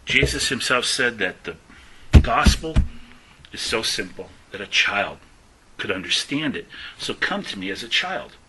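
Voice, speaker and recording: A man preaching a testimony-style sermon, telling stories and acting out the dialogue, often dropping to a hushed voice for the quoted lines. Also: fairly low pitch, big pitch swings, measured pace, slight background noise, poor audio.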